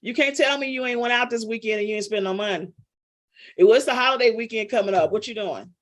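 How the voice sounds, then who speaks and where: A woman's voice: fairly high pitch, quick pace. Middle-aged woman coach, playful, calls on class members by name during a live lesson. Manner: chatty, teasing, calls on students by name. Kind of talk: casual live online class.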